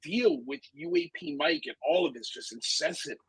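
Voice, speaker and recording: A man in casual chat who talks in a rambling way and tells the other speaker to calm down. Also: high voice, moderate pace, creaky, slightly rough, no room sound.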